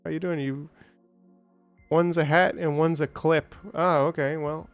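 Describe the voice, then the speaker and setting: A man talks through a factory-building game in a loose, chatty way, answering viewers and wandering into asides. His voice sits a little high for a man, and he sometimes jumps into playful, exaggerated greetings. Faint music runs underneath. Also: steady tone, measured pace. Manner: chatty, reads out and answers chat, rambling asides. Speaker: gaming streamer. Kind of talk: casual gameplay commentary.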